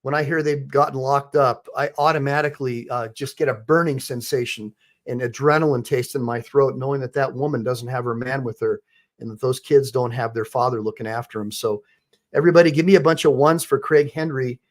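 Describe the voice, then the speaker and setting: A man's voice: mid-range voice, fairly even intonation, fairly quick. A man hosting a live stream with rambling commentary, full of fillers and restarts. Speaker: host, attorney.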